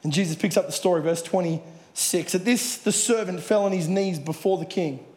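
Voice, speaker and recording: A man's voice: sits high, moderate pace, a little mellow. A man preaching a sermon in a church hall, earnestly retelling a Bible parable. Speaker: pastor.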